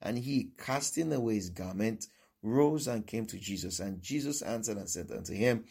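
A man's voice: fairly low pitch, normal speed, creaky, a little mellow, husky. A male preacher giving a sermon who repeats his points and keeps asking "all right?".

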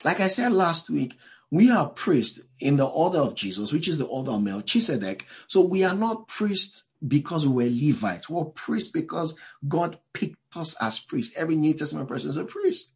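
A man's voice: fairly high pitch, sing-song, normal speed, a little mellow. A man preaching a sermon to a live congregation in a church. He talks in a loose, conversational way, drops in many asides and asks the listeners questions directly. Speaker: pastor.

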